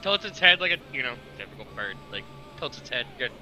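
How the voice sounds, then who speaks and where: A man's voice: medium pitch, fast, over loud music. A man running a tabletop game as game master, narrating with lots of laughter. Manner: animated, laughs often.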